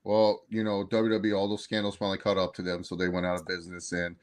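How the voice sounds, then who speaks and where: A man's voice: low voice, completely flat delivery, fast. A man co-hosting a casual wrestling review, rambling and laughing as he acts out quotes. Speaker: co-host.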